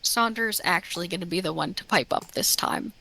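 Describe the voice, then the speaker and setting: A woman's voice: on the low side, fairly quick, gravelly, pushed and bright, rough recording. A woman player describing her character's actions in a tabletop game, chatty and hesitant.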